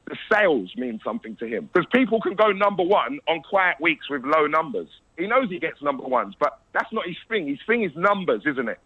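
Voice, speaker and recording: A man argues his point in an interview, insistent and quick to cut in over the other speaker. His voice sits high for a man and swings widely up and down. The clip sounds dull and muffled. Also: big pitch swings, slightly rough. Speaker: interview guest. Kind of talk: heated interview argument.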